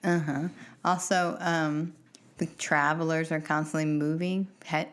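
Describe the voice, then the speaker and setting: A woman's voice: deep voice, level tone, a little slow. A woman co-hosting a podcast, laughing often as she chats about a TV show and acts out characters' lines. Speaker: podcast co-host. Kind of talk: casual chat about a TV show.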